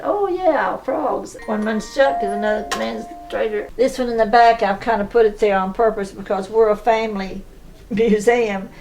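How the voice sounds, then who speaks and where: An elderly woman tells stories in a chatty, folksy way. She talks at an everyday middle pitch and gives a tour of her collection in an indoor shop. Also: darkish tone, a little hiss or hum, low-quality recording. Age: 90s. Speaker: frog museum owner. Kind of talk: casual storytelling tour.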